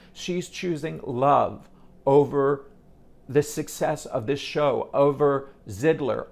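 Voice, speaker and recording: A man's voice: mid-range voice, vocal fry, a little mellow. A man reviewing a theater show to camera, retelling scenes in an impassioned, emphatic way. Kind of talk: casual spoken review to camera.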